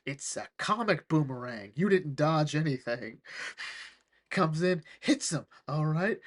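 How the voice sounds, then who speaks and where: Guy gushing over a comic, rambly and hyped, voice sits a bit high, keeps going "like" and "all right?". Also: expressive, a little slow. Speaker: comics reviewer. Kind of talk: excited casual retelling of a comic.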